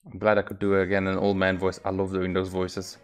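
A man's voice: low-pitched, completely flat delivery, clean tone, soft background music. A man hosting a let's play, musing aloud in casual commentary as he picks his units. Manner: musing aloud, unhurried, trailing off.

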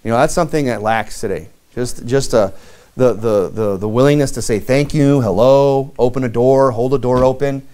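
A man's voice: medium pitch, moderate pace, smooth. Conversational man preaching a sermon. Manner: conversational preaching, many "you know" fillers, acts out lively quoted dialogue. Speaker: pastor.

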